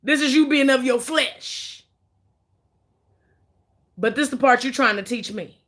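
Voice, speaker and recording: A woman's voice: high voice, a little slow, fairly bright tone. A woman giving blunt, profane, emphatic commentary in an opinion vlog.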